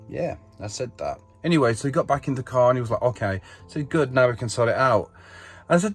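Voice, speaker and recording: A man's voice: mid-range voice, expressive, husky, faint music behind. A middle-aged man vlogging, telling a story in a rambling, exasperated way. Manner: rambling, exasperated, quick asides. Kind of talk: casual vlog storytelling.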